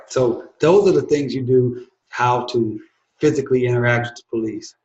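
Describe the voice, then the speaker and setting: A man's voice: mid-range voice, roomy sound, lo-fi sound. Emphatic male attorney drilling legal tips. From United States. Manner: emphatic and repetitive, like a preacher, drilling phrases. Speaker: attorney teaching legal rights. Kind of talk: direct-to-camera instructional talk.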